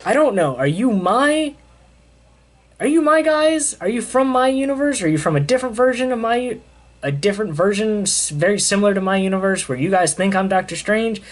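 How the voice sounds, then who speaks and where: A man voicing a flustered male sorcerer who rambles in a strained, high voice. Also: expressive, brisk. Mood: confused.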